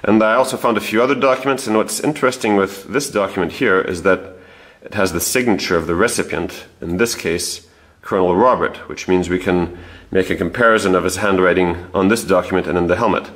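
This history channel host has a deep, slightly bright voice and talks a little fast. He presents history casually, explaining his research as if thinking aloud and restarting his sentences often.

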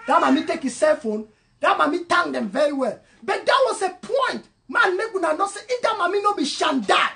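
A woman with a Cameroonian English accent mixed with Pidgin, delivering an impassioned monologue, emphatic and repetitive, swinging between loud and soft. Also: sits high. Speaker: online commentator.

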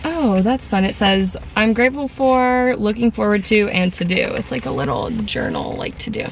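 A woman's voice: mid-range voice, sing-song, moderate pace, gravelly. A young woman chatting casually in a vlog, gushing and bubbly, with plenty of "like" and "um". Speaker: lifestyle vlogger. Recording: noisy vlog recording.

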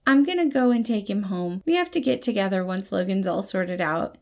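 A woman's voice: mid-range voice, animated, fairly quick, a little mellow, natural voice. A woman voicing an exasperated young man who scolds sharply, his voice raised above her narration. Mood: irate scolding. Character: exasperated protective young man, cheerful turned angry.

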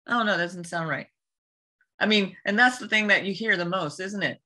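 A voice actress guest talking casually in an interview, reflective and hesitant. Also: female voice, mid-range voice, normal speed, pushed and bright. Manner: reflective, laughing, hesitant with fillers.

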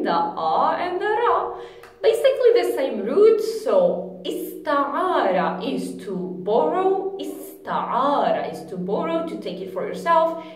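Lively high-voiced woman teaching a language. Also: roomy sound, a little hiss or hum. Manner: repeats words slowly and clearly, lively teaching tone. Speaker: Arabic teacher. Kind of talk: language lesson.

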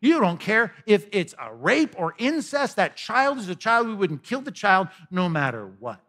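Male pastor, conversational sermon delivery, animated and expressive, slightly high voice. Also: moderate pace. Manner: conversational, animated, humorous asides.

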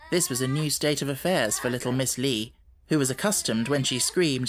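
A man reading a classic children's novel aloud as an audiobook narrator, in measured, even storytelling. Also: medium pitch, a little hiss or hum. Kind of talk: scripted narration.

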